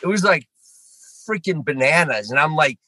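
A middle-aged man from Vermont telling stories as a guest on a casual chat show, animated and swearing freely, acting out what he said. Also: on the high side, moderate pace, dry recording, poor audio. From Vermont, USA. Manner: animated, swears freely, acts out his own lines. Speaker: guest actor.

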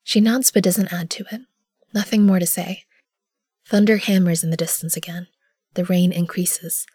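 A woman gives first-person narration for an audio drama, measured and often dropping to a hush. Her voice sits a little low and sounds dry and close to the mic. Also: level tone, slightly rough, dry recording. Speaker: narrator and lead character.

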